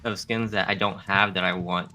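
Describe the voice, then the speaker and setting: Male co-host, bright timbre, relaxed casual delivery that trails off. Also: low-pitched, moderate pace. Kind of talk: casual chat.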